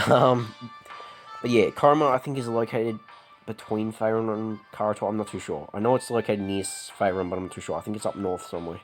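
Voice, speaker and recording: Over game music in a low-quality recording, an Australian man hosting a playthrough reads dialogue a little fast in a low, steady voice. This let's play host keeps restarting, chuckling, and giving the characters loose voices.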